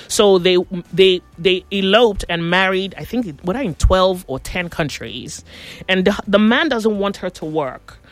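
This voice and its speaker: A woman's voice: on the low side, no room sound. A woman chatting casually, telling gossipy stories and acting out what people said. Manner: animated gossipy storyteller, acts out quotes. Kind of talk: casual chat, storytelling.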